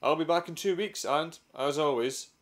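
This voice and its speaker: A man's voice: fairly high pitch, moderate pace. A young Scottish man hosting a comedic gaming vlog, telling stories dramatically and swearing freely. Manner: profane, dramatic storytelling with sudden outbursts. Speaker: gaming vlogger. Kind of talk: comedic scripted vlog narration.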